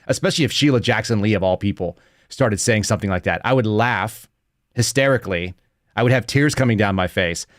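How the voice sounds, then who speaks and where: A man's voice: mid-range voice, dry recording, studio quality. A man in his thirties hosting a live podcast, giving blunt, mocking commentary and laughing often. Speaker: podcast host.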